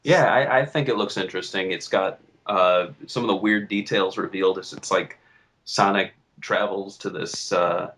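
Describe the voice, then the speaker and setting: A man's voice: sits low, moderate pace, fairly bright tone. A man co-hosting a podcast, chatting casually and rambling with fillers. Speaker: podcast co-host. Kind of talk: casual chat.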